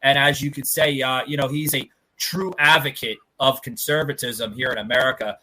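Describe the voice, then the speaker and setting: Casting: male podcast host, bright tone, loose rambling delivery with lots of filler. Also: mid-range voice, moderate pace, rough recording. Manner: rambling, many fillers and profanity. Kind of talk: casual podcast chat.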